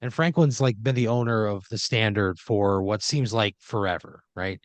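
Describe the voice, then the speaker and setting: A man's voice: lowish voice, moderate pace, no echo. Rambling man spinning an improvised story. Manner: rambling, many fillers, jumps into quoted voices.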